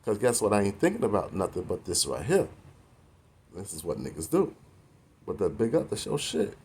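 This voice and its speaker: A man in his forties holds forth in a blunt street-talk rant, lecturing and cursing at his listeners. His voice sits low with a husky, rough edge. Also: very animated, normal speed, a little mellow. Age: 40s. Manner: preachy and confrontational, heavy slang and cursing.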